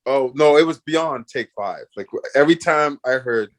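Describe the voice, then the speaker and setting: A man's voice: mid-range voice, normal speed. A man from Canada, a guest in an interview, telling a story animatedly with laughs and restarts.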